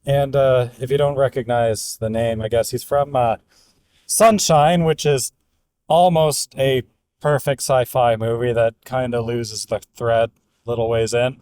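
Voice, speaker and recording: A man chatting casually as a podcast guest, relaxed and halting, often pausing with fillers. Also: medium pitch, clean tone. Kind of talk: casual chat.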